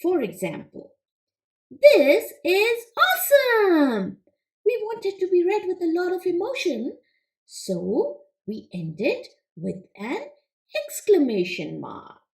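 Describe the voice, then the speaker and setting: A woman teacher giving a children's lesson in a slow, clear, patient way. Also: very high voice, wildly swooping pitch, dark tone. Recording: echoey room.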